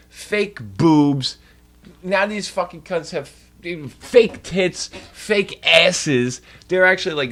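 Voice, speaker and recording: A man's voice: high voice, a bit bright. Profane ranting male livestreamer. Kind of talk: casual livestream rant.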